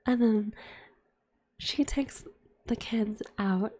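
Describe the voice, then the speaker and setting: A woman's voice: fairly high pitch, extremely slow, darkish tone, slight background noise. A young adult woman telling a candid, profane personal story in whispered ASMR chat, full of fillers. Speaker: streamer.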